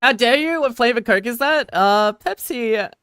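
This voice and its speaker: A woman's voice: fairly high pitch, brisk, fairly bright tone, no echo. An Australian woman streaming live, rambling casually and mocking herself as she answers her chat. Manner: rambling, self-mocking, answers viewers' chat between game moments.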